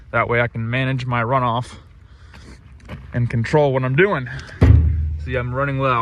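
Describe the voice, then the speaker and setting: Out at a rural job site, a man who owns a pressure washing business talks casually through a work-day vlog. He's laid-back, a bit out of breath, and rambles with plenty of ums. His voice is mid-range and a bit bright, with a little hiss or hum.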